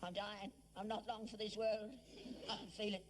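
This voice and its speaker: An actor voicing a grumpy, self-centred old father from working-class London, whining and cutting by turns, in a 1960s television sitcom. His voice sits a little high for an old man and carries a faint hiss of background noise. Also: level tone, normal speed, lightly acted. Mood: self-pitying. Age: older. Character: cantankerous selfish old rag-and-bone father.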